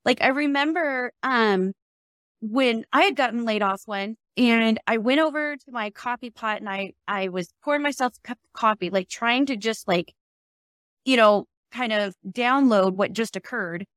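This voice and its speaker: A woman hosting a podcast in casual conversation, animated and full of fillers and restarts. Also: fairly high pitch, moderate pace, dry recording, studio quality. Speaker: podcast host.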